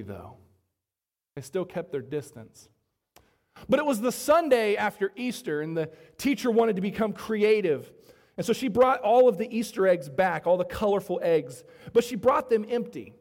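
A man with a high voice preaches a sermon, now and then asking the church to agree with him. He rises to loud emphasis and then drops to quiet, low asides. His voice carries a long reverb, as in a big hall. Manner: call-and-response, asking the congregation to agree; dynamic, swinging between loud emphasis and soft low asides. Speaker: pastor.

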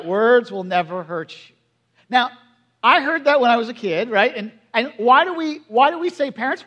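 A man in his forties preaching a sermon in a conversational way, often asking the congregation questions. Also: high-pitched. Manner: drops to a quiet, hushed voice at emotional moments. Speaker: pastor.

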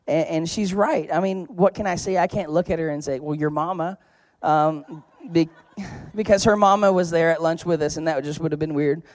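Pastor guy preaching, kinda high voice, chatty and jokey, punches words hard, dry sound. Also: steady tone, normal speed, no echo. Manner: conversational, joking storytelling with sudden loud emphasis. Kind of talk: sermon. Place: church.

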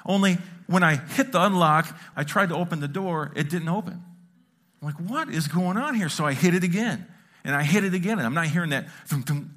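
A man preaching in a slightly high voice, telling a lively story at his own expense. He acts out little sounds and his own panicked thoughts, drawing the congregation in as he goes. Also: brisk. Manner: animated, self-mocking storytelling with acted-out sounds. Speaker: pastor. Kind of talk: storytelling sermon. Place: church sanctuary.

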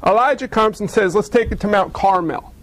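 High-voiced preacher telling a story. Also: male voice, brisk, a bit bright, no room sound. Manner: storytelling, acts out characters with mocking voices. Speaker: pastor. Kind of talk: sermon.

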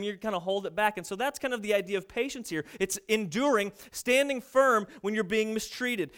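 A man's voice: sits high, fairly bright tone, clear, resonant tone. A man in his thirties preaching a sermon, telling family stories and acting out the voices of his kids and parents. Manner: storytelling, acts out quoted family voices. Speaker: pastor.

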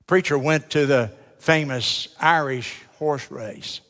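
An older man preaches a sermon in a homely, emphatic way and keeps asking the congregation rhetorical questions. His voice sits a little high for a man. The sound trails off in the long reverb of a large church hall. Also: slow pace, fairly bright tone. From United States. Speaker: Baptist preacher.

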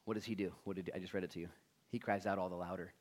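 A male pastor preaching a sermon in a church with energetic, casual and slangy talk. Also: low voice, racing.

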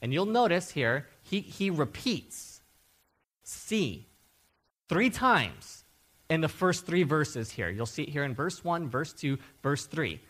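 A man preaching a sermon as a Bible teacher, emphatic and animated, repeating key words and often checking in with "okay?". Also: fairly high pitch, unhurried.

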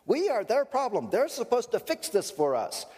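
A helpless grown-up whining at a shrill pitch that someone must fix everything, as a man mimics it. The complaint is raised and insistent. The voice carries a long echo through a hall. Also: wildly swooping pitch, moderate pace, a little mellow, husky, full character voice. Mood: indignant. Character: indignant helpless adults demanding rescue.

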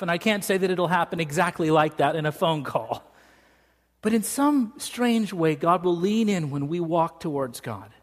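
Pastor guy giving a chatty, jokey sermon, kinda high voice, long echo in the church. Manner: storytelling, conversational, joking. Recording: reverberant church hall.

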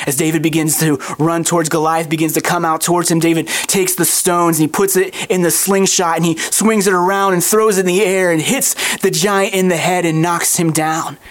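A preacher retelling a story during a sermon. The delivery is animated and conversational, with plenty of aside remarks. The voice sits at an everyday middle pitch.

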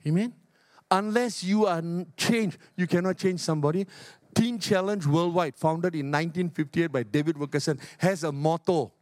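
A man's voice: normal speed, no echo. Older Singaporean man preaching emphatically. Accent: Singaporean English. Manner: emphatic preaching that swings between loud high exhortation and soft low asides. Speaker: pastor. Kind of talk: sermon.

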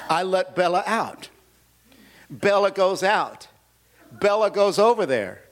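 A man's voice: sits high, animated, unhurried, pauses often, slight background noise. A man preaching a sermon, telling a humorous personal story with asides and questions to the audience. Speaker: pastor.

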